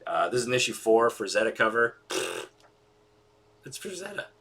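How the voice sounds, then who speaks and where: Husky, bright-toned enthusiastic male collector. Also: fairly low pitch, quick pace. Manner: enthusiastic, rambling, many fillers. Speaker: collector vlogger. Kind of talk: casual chat.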